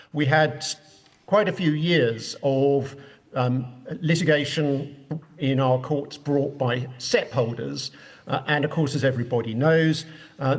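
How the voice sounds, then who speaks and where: An English man, a judge, giving measured explanatory keynote remarks over a video call from his room. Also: medium pitch. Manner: measured, explanatory, emphatic summaries. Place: his room at the court, joining remotely.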